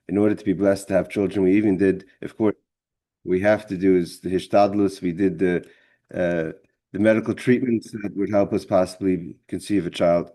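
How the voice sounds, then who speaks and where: Low, mellow male Torah teacher. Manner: halting, repeats words, many fillers. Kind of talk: storytelling in a religious class.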